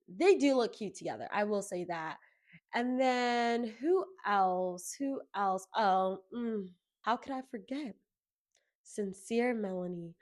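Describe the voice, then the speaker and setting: A young woman hosting her own podcast, talking casually in gossipy, animated rants. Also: mid-range voice. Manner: animated, gossipy, quick rants with mimicked voices. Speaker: podcast host. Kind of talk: casual solo chat.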